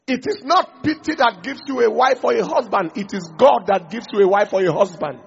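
Preacher, man, high gravelly voice, husky, on a dull lo-fi recording. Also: fairly quick, hardly any pauses. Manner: preaching, engaging the congregation. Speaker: pastor. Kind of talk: sermon.

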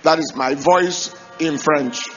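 A male preacher giving an emphatic sermon, raising his voice to shout key points and asking the congregation rhetorical questions. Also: fairly high pitch, slow pace, muffled recording, faint music behind. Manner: emphatic, rising to shouts to drive points home.

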